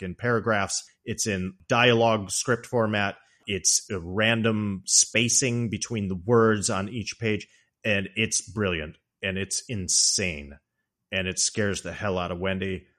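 A man hosting a podcast, casually discussing a film with animated storytelling. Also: fairly low pitch. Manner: animated storytelling, acts out quotes. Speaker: podcast host.

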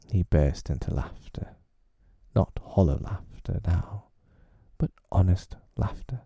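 A man narrating a storybook in a measured, deliberate reading. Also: low-pitched, gravelly, dark tone, husky, dry recording, studio quality.

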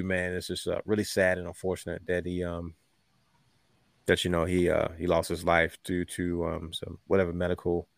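A man hosting a casual podcast chat, heartfelt and unhurried, with many fillers and pauses. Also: sits low, dry recording. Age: adult with a young son. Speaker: podcast host.

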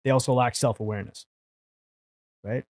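A man telling stories as a podcast guest, animated and profane, acting out the people he quotes. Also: mid-range voice, moderate pace. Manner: animated, swears freely, acts out quotes. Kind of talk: casual storytelling.

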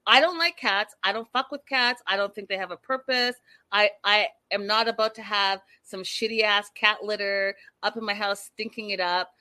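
A woman's voice: mid-range voice, steady tone, normal speed, sharp tone. A woman hosting a casual chat show, blunt and profane, reacting with emphatic opinions. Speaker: show host.

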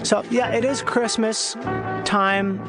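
A man's voice: high voice, fairly even intonation, slow pace, over loud music. A man hosting a podcast alone, rambling and swearing in a loose comedic monologue with many restarts. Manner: rambling, profane, self-interrupting. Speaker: podcast host.

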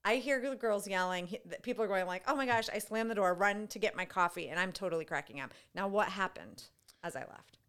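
A woman's voice: mid-range voice, fairly quick, fairly bright tone, smooth. Chatty good-humored middle-aged woman. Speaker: podcast co-host. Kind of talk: casual chat.

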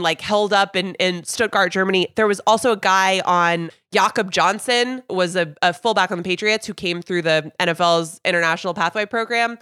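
A woman's voice: mid-range voice, fairly bright tone, no room sound, clean studio sound. A woman hosting a football podcast, telling rambling, chatty anecdotes and steering the talk. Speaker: podcast host. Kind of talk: casual sports chat.

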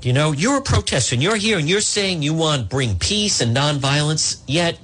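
A man's voice: fairly high pitch, lively intonation, moderate pace, a bit bright, slightly rough. A man hosting a talk radio show, ranting indignantly at his listeners. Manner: indignant, ranting, reads live ads.

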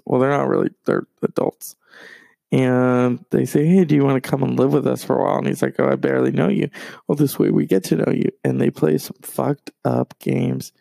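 A man's voice: mid-range voice, vocal fry, mellow, no room sound. A man streaming on a Friday night, rambling casually about movies with plenty of swearing and restarts. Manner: rambling, profane, self-interrupting movie talk. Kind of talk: casual chat.

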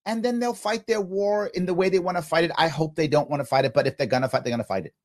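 A man's voice: fairly high pitch, fast. A man hosting a podcast, talking through listener comments in an emphatic way and repeating his points for emphasis. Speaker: podcast host.

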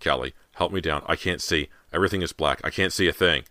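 A man's voice: very deep voice, fast, bright, forceful tone, no room sound. A man voicing a panicked father who has suddenly gone blind and cries out for help. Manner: panicked, crying out.

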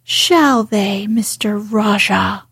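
A woman doing a fierce, breathy little girl. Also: on the high side, steady tone, slow, mellow, no echo, clean studio sound, heavily acted. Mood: defiant. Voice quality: breathy whisper. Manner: defiant, retorting. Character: fierce, obstinate young girl.

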